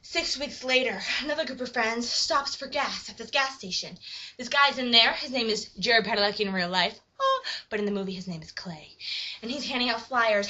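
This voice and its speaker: A woman's voice: fairly high pitch, expressive, normal speed, sharp tone. A young woman casually retelling a horror movie, acting out the sound effects and bits of dialogue. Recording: muffled lo-fi recording.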